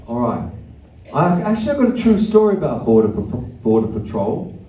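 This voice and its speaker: A man's voice: medium pitch, sing-song, a little fast, warm tone, slight background noise. An older man, a musician on stage, telling rambling, wry anecdotes between songs, swearing and chuckling. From Australia. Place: arts centre concert hall. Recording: echoey venue from a distant mic.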